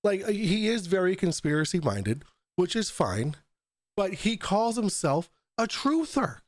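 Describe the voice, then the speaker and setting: A male host launches into a profane, mocking rant, a little tipsy from the shots he keeps taking. His pitch sits a touch high and leaps about animatedly. The sound is dry and close, with no room around it. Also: very animated, unhurried, no echo. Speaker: talk show host. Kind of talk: ranting commentary.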